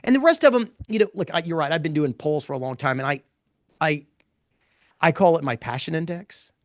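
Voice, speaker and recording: Middle-aged male pollster, slightly high voice, blunt and animated, restarts often. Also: fairly quick, dry recording, clean studio sound. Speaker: pollster presenting poll results. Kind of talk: casual live webinar talk.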